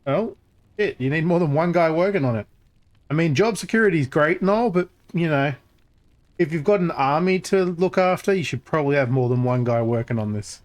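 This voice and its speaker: A man's voice: a little high, expressive, normal speed. A male streamer giving casual commentary while playing a game, with joking, sarcastic asides.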